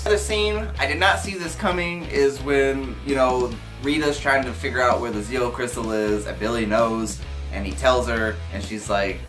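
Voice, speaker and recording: An excitable young man talks through a film review in a loose vlog style. He swears without a second thought, and his voice jumps high whenever he gets carried away. Soft music plays faintly behind him. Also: moderate pace. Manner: excitable and emotional, swears casually, pitch jumps when worked up. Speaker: movie reviewer. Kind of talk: casual movie review vlog.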